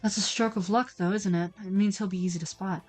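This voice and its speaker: A woman's voice: mid-range voice, steady tone, fast, a little mellow, soft background music, lightly acted. A woman voicing a playful, cheeky young male police officer in a video game, with a bouncy, teasing delivery. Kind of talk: reading a video game aloud.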